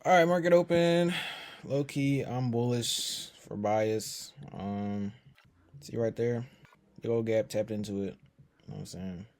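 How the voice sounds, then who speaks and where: A tired young man running casual commentary on his own trading, slangy and full of fillers, dropping to low mutters and then breaking into loud swearing. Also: steady tone, unhurried. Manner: slangy, filler-heavy talk. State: tired from little sleep. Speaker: day trader streaming his session.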